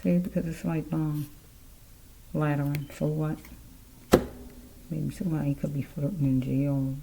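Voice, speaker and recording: A woman's voice: sits low, little pitch movement, unhurried, gravelly, background noise. A woman giving a casual tarot card reading, rambling and musing aloud as she speaks straight to the listener.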